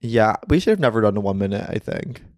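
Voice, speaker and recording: A man's voice: on the low side, sing-song. A man in his twenties co-hosting a podcast, chatting casually in a playful, teasing way. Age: 20s. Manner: playful, teasing, quick laughs. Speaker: podcast co-host. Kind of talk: casual chat.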